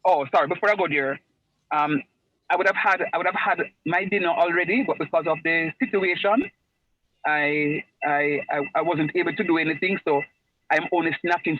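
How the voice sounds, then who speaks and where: A man runs an online class over a video call, his slightly high voice coming through muffled and dry. He talks in a chatty way and circles back on his phrases for emphasis. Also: brisk, no room sound. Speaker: lecturer.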